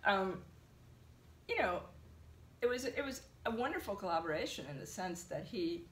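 A woman being interviewed, telling an animated story with lots of fillers. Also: medium pitch, moderate pace, roomy sound, a little hiss or hum. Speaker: translator, interviewee. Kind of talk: conversational interview.

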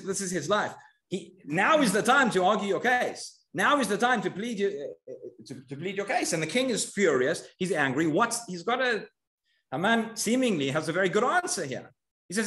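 A man, the rabbi, giving a Torah class in a synagogue and telling the story with lively questions and voiced characters. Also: high voice. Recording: echoey synagogue room.

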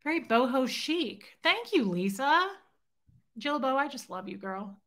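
A woman's voice: high-pitched, very animated, unhurried, a bit bright. A woman hosting a casual livestream, chatting with viewers and reading their comments aloud, self-deprecating and teasing. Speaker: livestream host. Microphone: phone.

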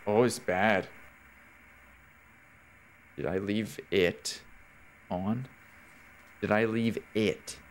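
A man's voice: on the low side, steady tone, very slow, long pauses, a little hiss or hum. A man streaming a horror game, talking to his chat as he plays, reacting with swearing and laughter. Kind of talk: casual gaming commentary.

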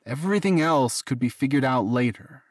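A man reading a fantasy romance audiobook in a measured, even narration. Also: mid-range voice, no room sound, studio quality. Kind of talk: scripted narration.

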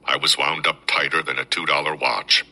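Male podcast host, memoir reader, very low and sharp-toned. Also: normal speed, poor audio. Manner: steady first-person storytelling with dramatic quotes. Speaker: podcast host reading a book. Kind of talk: reading a memoir aloud.

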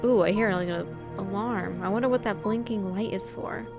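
A woman's voice: mid-range voice, steady tone, brisk, few pauses. A woman playing a horror adventure game, reading its text and dialogue aloud in her own voice and adding dry joking asides, on a studio mic. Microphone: studio condenser mic. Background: game music.

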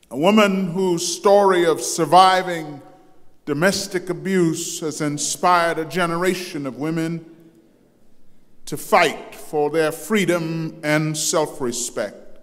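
An older man delivers a sermon as pastor at an unhurried pace. His voice sits high for a man, and he brings anecdotes to life by acting out the quotes. Long reverb from the church hall trails behind every phrase. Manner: storytelling with acted quotes and animated shifts in pitch. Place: large church sanctuary.

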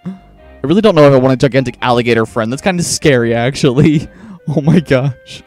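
A man's voice: mid-range voice, brisk, darkish tone, soft background music. A young man hosting a let's-play, rambling through casual gameplay commentary with lots of filler words. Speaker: gaming channel host.

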